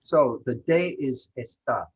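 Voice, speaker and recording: Husky man teaching on a video call. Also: mid-range voice, animated, slow pace, rough recording. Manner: patient, explains with examples. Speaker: language teacher. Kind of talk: online language lesson.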